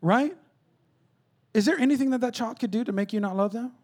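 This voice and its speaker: A man preaching a conversational sermon, acting out little dialogues and swinging between loud bursts and hushed asides. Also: very high voice, brisk. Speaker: pastor.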